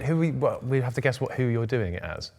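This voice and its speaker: A man's voice: mid-range voice, expressive, fast talker, darkish tone, long reverb tail. An English man in casual chat as a co-host, upbeat and enthusiastic.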